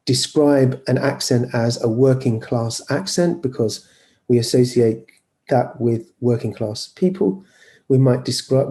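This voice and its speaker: A man's voice: mid-range voice, mellow. A man giving a university lecture, explaining step by step and checking in with the listeners.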